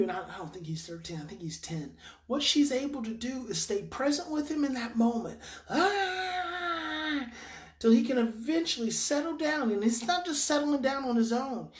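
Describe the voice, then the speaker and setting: A woman's voice: a little high, a little mellow. A woman giving an informal parenting talk as an educator, speaking emphatically and repeating her key phrases. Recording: roomy echo.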